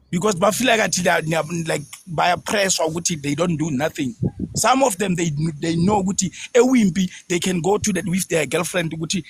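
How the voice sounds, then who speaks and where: A South African man with a high, husky voice speaks on a live-stream panel. He lectures the women listening, insistent and direct, as he presses his argument.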